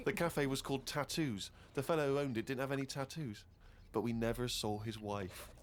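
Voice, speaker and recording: Guy reading a diary out loud on a podcast, dead dry, mid pitch, bit of hiss. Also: normal speed. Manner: dry, deadpan reading, bursts into laughter. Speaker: co-host. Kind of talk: reading a diary aloud with comedy banter.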